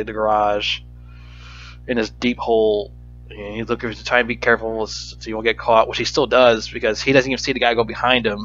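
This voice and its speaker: A man's voice: on the low side, fairly bright tone. A man giving a profane, exasperated movie review rant, full of stammered restarts. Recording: dull lo-fi recording with faint music.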